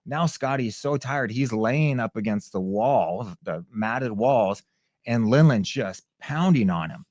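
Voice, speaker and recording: A former fighter, guest on a podcast, tells a story in an unhurried mid-range voice, lively and acting out the shouts and voices of the people involved. The recording is dry, and the talk is animated storytelling within a conversation.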